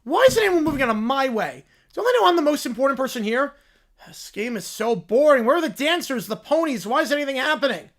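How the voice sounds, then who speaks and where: A man's voice: very high-pitched, very animated, fast talker, fairly bright tone, voice pushed up, heavily acted. A man voicing a spoiled, bratty child who thinks he is royalty, whining and petulant. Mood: whiny. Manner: whiny, petulant.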